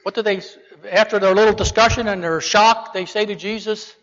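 A man's voice: high voice, steady tone, brisk, fairly bright tone. A man teaching a Bible lesson in a conversational way, putting rhetorical questions to his listeners. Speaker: preacher. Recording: dull reverberant hall recording.

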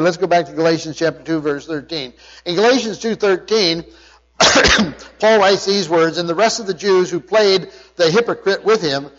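Male pastor, higher voice, emphatic sermon delivery with restarts; muffled recording with long hall echo. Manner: emphatic preaching with frequent restarts and word study. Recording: dull sound with long hall reverb.

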